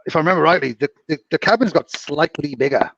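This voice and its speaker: A man's voice: a little high, quick pace, gravelly, a bit bright, no echo. A man from Canada telling rambling anecdotes in a casual chat, with many restarts. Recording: distant, muffled mic.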